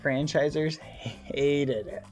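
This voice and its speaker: A man's voice: very slow, soft background music. A man streaming a survival game, chatting casually and yelping when startled. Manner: excitable, yelps up high when startled. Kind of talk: casual gaming chat.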